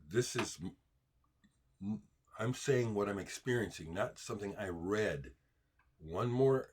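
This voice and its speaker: A man hosts his own video with a husky, slightly rough voice, talking unscripted to camera. His delivery is heated and emphatic, and his pitch swings widely as he restarts his sentences and pushes his points. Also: darkish tone. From United States. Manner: heated, emphatic, frustrated ranting with repeated restarts. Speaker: video host answering viewer comments.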